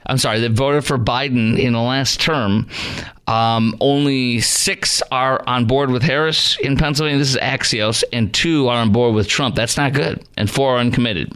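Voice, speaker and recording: A man's voice: mid-range voice, steady tone, fairly bright tone, clear, resonant tone. Rambling, opinionated male radio host. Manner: rambling, rapid, with many fillers. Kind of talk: opinionated talk radio monologue.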